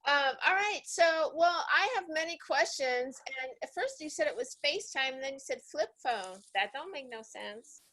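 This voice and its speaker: A woman's voice: high voice, animated, moderate pace, hardly any pauses, bright, forceful tone. Joking woman podcast host. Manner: joking, relaying listener messages. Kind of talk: casual chat. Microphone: video call.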